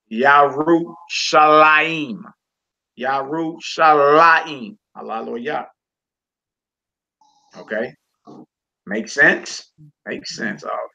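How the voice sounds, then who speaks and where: A man teaching a casual homeschool Hebrew lesson, slowly drawing out and repeating each word for his students. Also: mid-range voice, gravelly, pushed and bright, husky.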